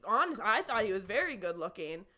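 A young woman in her twenties chats casually on a podcast with a bright, ringing voice. Her pitch swings widely while she acts out quoted dialogue and laughs between lines. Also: big pitch swings, a little fast. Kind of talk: casual chat, storytelling.

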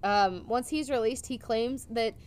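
A woman's voice: fairly high pitch, unhurried, clean tone. A woman co-hosting a casual chat, telling a story and acting out the quotes with laughs. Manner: animated, acts out quotes with laughs. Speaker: podcast co-host telling a story.

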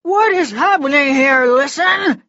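A woman voicing a furious, hissing male villain lord who snarls and shouts his orders. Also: high-pitched, lively intonation, extremely slow, dry recording, voice pushed up, exaggerated voice. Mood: furious shouting. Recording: dull lo-fi recording.

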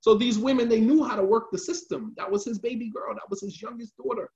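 A man's voice: very high-pitched, quick pace. Guy telling a religious story casual style, repeats stuff for emphasis, muffled lo-fi audio. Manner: animated, slangy, repeats lines for emphasis.

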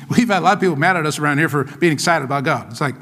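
A male pastor preaching an energetic sermon in a church, exclamatory and full of call-and-response urging. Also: fairly high pitch, quick pace. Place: church sanctuary. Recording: long church hall reverb.

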